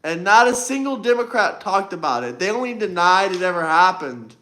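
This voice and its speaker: Guy livestreaming politics, high voice, boastful, keeps repeating himself to make a point. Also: big pitch swings, moderate pace, hardly any pauses, pushed and bright. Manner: combative, boastful, repeats phrases for emphasis. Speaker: livestream host. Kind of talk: political livestream debate talk.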